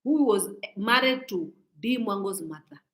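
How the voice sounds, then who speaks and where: A woman's voice: medium pitch, expressive, a little slow. Scolding woman in her forties, echoey room. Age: 40s. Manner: scolding, preachy, repeats herself. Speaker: social media commentator. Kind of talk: casual commentary monologue.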